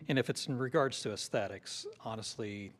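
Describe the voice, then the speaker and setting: A man's voice: mid-range voice, normal speed, a little hiss or hum. A man who works as an urban planner, giving public comment at a town meeting in a practical, reasoned way with a touch of humor. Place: town hall meeting room.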